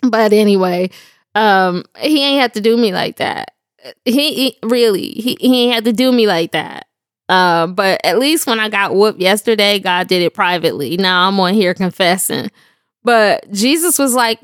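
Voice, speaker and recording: A woman's voice: mid-range voice, animated, moderate pace, no echo, studio quality. A middle-aged woman telling a humorous devotional story in a slangy, playful way, often laughing. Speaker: devotional speaker.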